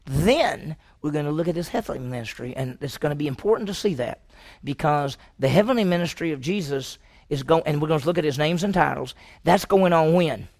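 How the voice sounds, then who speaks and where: A man's voice: fairly high pitch, lively intonation, brisk, a little mellow. A man preaching a sermon, asking the congregation questions and acting out the voices of the people in the story. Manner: asks the congregation questions, acts out quoted voices. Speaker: pastor.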